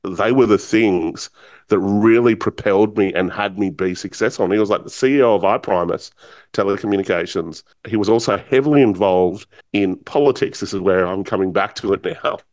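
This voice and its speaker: A man with a fairly low voice tells a personal story with animation. He acts out the other people's lines as he goes. The sound is dry, with no room echo. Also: a little fast, a little mellow. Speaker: speaker telling a personal story. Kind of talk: storytelling talk.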